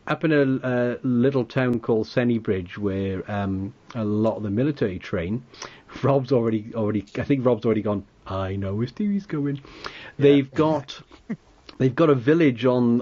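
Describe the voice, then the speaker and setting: A man's voice: mid-range voice, a little mellow. A man hosting a casual podcast chat, rambling with frequent stammered restarts. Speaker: podcast host. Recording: dull lo-fi audio.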